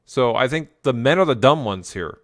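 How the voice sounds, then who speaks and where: A man's voice: medium pitch, expressive, moderate pace, no echo, studio quality. A man giving blunt, crude, joking reaction commentary.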